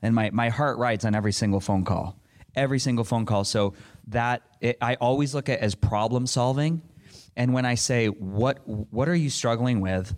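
A man's voice: mid-range voice, moderate pace. A middle-aged man answering a panel question in an earnest, rambling way, with frequent restarts. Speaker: panel speaker.

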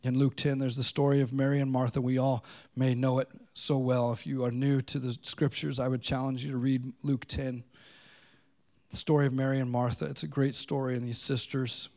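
A man's voice: medium pitch, little pitch movement, normal speed, a little mellow. A man pastor preaching a sermon in a church, earnest and conversational. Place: church sanctuary.

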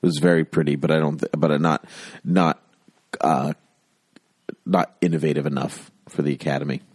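A man's voice: extremely low pitch, steady tone, normal speed, darkish tone, husky, no echo. A man co-hosting a casual film chat, dry and teasing, laughing at his own jokes. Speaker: podcast co-host. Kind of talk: casual chat about films.

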